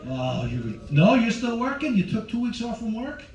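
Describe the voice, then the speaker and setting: A man's voice: very high voice, big pitch swings, moderate pace, darkish tone, far from the mic. Brash man doing stand-up in roomy lounge. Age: 40s. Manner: brash, teasing, talks to the crowd. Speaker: stand-up comedian. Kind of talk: stand-up comedy with crowd work. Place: cruise ship show lounge with live audience.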